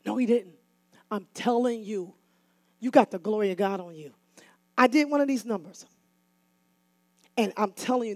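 A woman minister preaching a sermon, swinging between shouted exhortation to the congregation and casual storytelling. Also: medium pitch, moderate pace, long pauses, no room sound.

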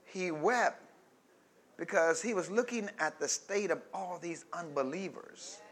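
A man preaching a sermon, reading scripture and breaking into loud call-and-response asides. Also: high-pitched, measured pace.

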